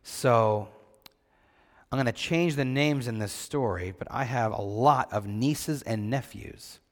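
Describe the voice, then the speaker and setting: A man gives a children's sermon in a reverberant church hall, where long echoes trail after each phrase. His voice sits at an ordinary middle pitch. He asks the kids questions, answers with a soft "mm-mm," and lingers on the points he wants them to remember. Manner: slow and deliberate on key points. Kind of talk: scripture reading and children's sermon.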